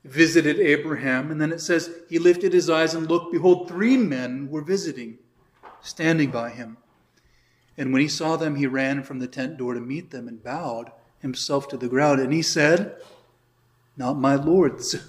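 A man, a priest, giving an informal catechism class, explaining in a chatty way with asides and reading scripture aloud. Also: a little high. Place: church hall or classroom. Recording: echoey room.

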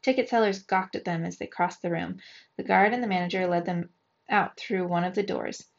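A woman reading a children's chapter book aloud in a lively, expressive way. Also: on the low side, a little fast, gravelly, lo-fi sound. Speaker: reader for children.

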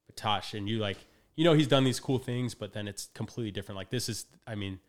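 Man, young adult, podcast guest, quick lively storyteller, slightly low voice. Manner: animated storyteller, acts out quotes, laughs often. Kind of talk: casual podcast conversation.

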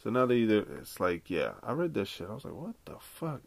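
A man's voice: lowish voice, very animated, fast talker, gravelly, no echo. A man hosting a podcast on his own, talking in a loose, rambling way and swearing freely. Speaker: podcast host. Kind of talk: casual solo podcast chat.

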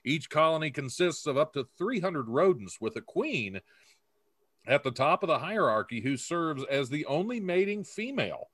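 A man's voice: on the high side, very animated, normal speed, fairly bright tone, slightly rough, no echo. A man hosting a casual comedy podcast, reading odd news stories aloud and laughing often. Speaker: podcast host.

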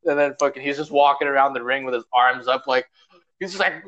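A man's voice: mid-range voice, little pitch movement, quick pace, fairly bright tone, highs cut off. A young man hosting a podcast, rambling in casual chat, swearing often and packing his talk with fillers. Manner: rambling, profane, full of fillers. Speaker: podcast host.

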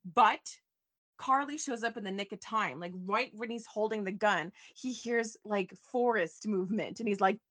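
A woman's voice: medium pitch, normal speed. A woman co-hosting a casual podcast, recapping soap episodes and acting out the characters' lines as she goes. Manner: animated, acts out characters' lines mid-story. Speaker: podcast co-host.

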